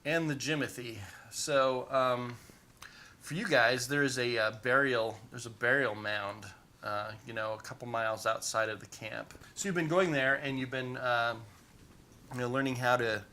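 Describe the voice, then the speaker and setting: A man's voice: mid-range voice, moderate pace, pushed and bright. A man running a tabletop game as game master, narrating in a rambling way full of "you know" fillers.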